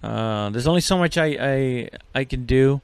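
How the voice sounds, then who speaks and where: A man's voice: medium pitch, animated, normal speed, smooth, no echo. A man hosting a solo podcast, rambling and cursing, full of fillers and restarts. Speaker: podcast host. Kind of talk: casual solo podcast chat.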